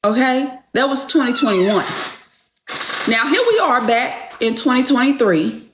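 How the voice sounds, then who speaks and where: A woman's voice: high-pitched, lively intonation, measured pace, background noise. A woman telling a story in a casual, emphatic rant and checking in with the listener again and again. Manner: emphatic, keeps asking "okay?". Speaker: storyteller venting to viewers. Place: airport. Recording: echoey room sound.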